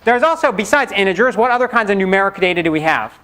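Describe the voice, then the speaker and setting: A man's voice: sits high, animated, fast talker, sharp tone. A middle-aged man giving a university programming lecture in a conversational, joking way, acting out students' questions. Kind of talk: classroom lecture. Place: lecture hall.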